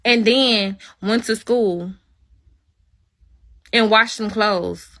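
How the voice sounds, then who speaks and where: Bright-voiced woman ranting on a livestream. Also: mid-range voice, very slow. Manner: blunt, profane, confrontational. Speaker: livestream host. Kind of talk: angry livestream rant.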